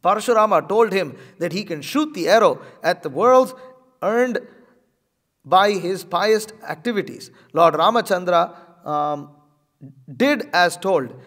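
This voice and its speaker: A man reading a religious scripture aloud and pausing to comment, measured and a little hesitant in his asides. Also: high-pitched, lively intonation, a bit bright, big-room sound. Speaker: religious teacher.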